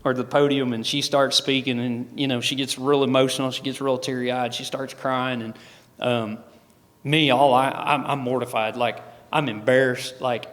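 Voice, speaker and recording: Speaking at a moderate pace in a level, slightly bright mid-range voice, a guest speaker tells a folksy personal testimony full of restarts. Long hall reverb fills the large event space.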